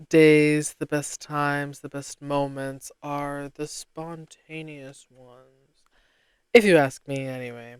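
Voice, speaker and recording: Slow-talking young woman podcaster, smooth voice. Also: low voice, no echo. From Rhode Island, US. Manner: rambling and self-deprecating, with sudden excited outbursts. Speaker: podcast host. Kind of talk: casual solo podcast chat.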